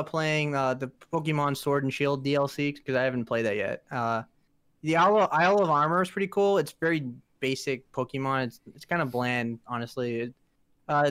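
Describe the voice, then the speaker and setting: A man's voice: medium pitch, fairly bright tone, clean tone, no room sound. A man co-hosting a podcast, chatting casually about games in a rambling way, with plenty of fillers and restarts. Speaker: podcast co-host.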